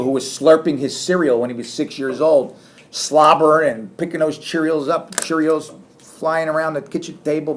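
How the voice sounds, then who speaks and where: A middle-aged man giving a classroom lecture, animated and acting out sarcastic lines as examples. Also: on the high side. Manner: animated, acts out sarcastic quotes. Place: lecture room.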